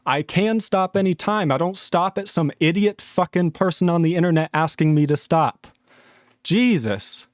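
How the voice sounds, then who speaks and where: A man's voice: fairly high pitch, normal speed, no echo, studio quality. A man hosting a live stream, angrily arguing with his chat and swearing a lot. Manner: angry, profane, arguing with chat. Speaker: livestream host.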